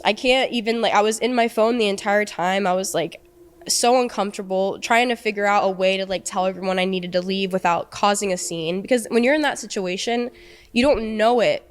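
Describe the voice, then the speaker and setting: Young woman, interview guest, mid-pitched voice, emotional and halting delivery. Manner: halting and emotional, with many fillers and restarts. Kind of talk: recounting a personal ordeal in an interview.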